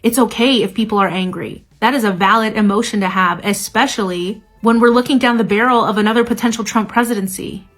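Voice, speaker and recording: Woman, TikTok creator, heated and emphatic, faint music behind, mid-pitched voice. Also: brisk, few pauses, a bit bright. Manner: angry, emphatic, swearing. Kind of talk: heated political rant to camera.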